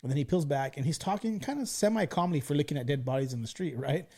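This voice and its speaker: A man's voice: fairly high pitch, animated, quick pace, a little mellow. A man in his forties hosting a casual podcast, telling stories animatedly and swearing freely. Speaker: podcast host. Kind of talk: casual chat.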